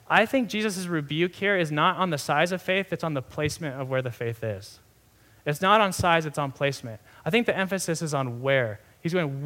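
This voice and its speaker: Man, young adult, pastor, sermon, conversational, earnest, slightly high voice. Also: brisk, a bit bright. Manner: conversational, earnest, heavy use of "like" and restarts.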